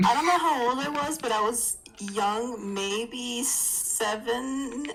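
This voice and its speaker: A woman's voice: fairly high pitch, slow, fairly bright tone, rough recording. A woman guest on a casual podcast, telling a self-mocking childhood story with laughter.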